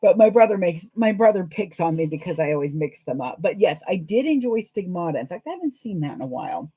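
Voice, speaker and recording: A woman with a somewhat low voice chats on a sewing livestream. She rambles from one thought to the next and laughs often as she works. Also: sing-song, fast talker, dark tone, husky, poor audio. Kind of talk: casual chat while sewing live.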